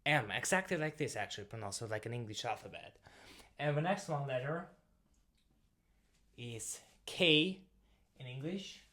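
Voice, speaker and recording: A man with a Russian accent walks through the alphabet at a board. His voice sits in an ordinary middle pitch. His English is halting, and he sounds each letter out more than once. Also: expressive, bright, forceful tone. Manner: non-native English, halting phrasing, repeats sounds aloud. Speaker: language teacher. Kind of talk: explaining at a whiteboard.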